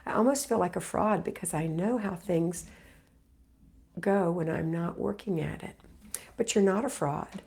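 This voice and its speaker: Gravelly-voiced woman hosting a livestream. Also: on the low side, a little slow. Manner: encouraging, motherly, reads comments aloud and answers warmly. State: recovering from illness. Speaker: homemaking livestream host. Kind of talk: live Q&A reading viewer comments.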